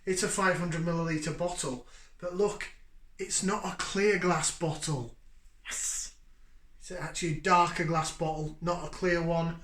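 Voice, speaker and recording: A man chats through a casual beer review at home, joking and breaking into lively bursts of enthusiasm. His voice sits a little high and rings bright and forceful. The room around him is noticeably echoey. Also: measured pace. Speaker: beer review channel host.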